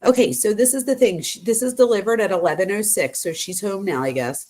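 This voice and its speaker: A woman's voice: medium pitch, a little fast, darkish tone. A woman hosting a true crime live stream, reading texts aloud and reacting to them in a chatty way, talking straight to her viewers. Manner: chatty, addresses viewers as "you guys", gasps and exclaims.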